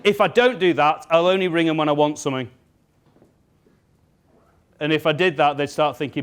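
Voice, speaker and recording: A man from England leads a sales workshop in front of a live audience. His voice sits a little high, and he talks in an upbeat, joking way while giving brisk instructions to the room. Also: clear, resonant tone. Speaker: sales trainer.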